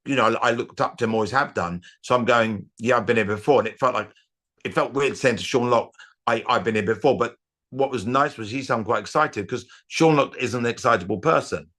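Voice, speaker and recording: A middle-aged male comedian, appearing as a guest in a casual interview, spins rambling anecdotes in a mid-range, fairly bright voice at a fairly quick clip. He restarts sentences and acts out quotes as he goes.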